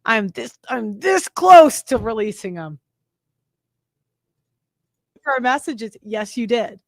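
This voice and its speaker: A woman hosting a commentary show, talking in an emphatic, exasperated way with halting restarts. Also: fairly high pitch, sing-song, creaky, darkish tone, no room sound, studio quality. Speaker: commentary host reacting to clips. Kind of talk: casual reaction commentary.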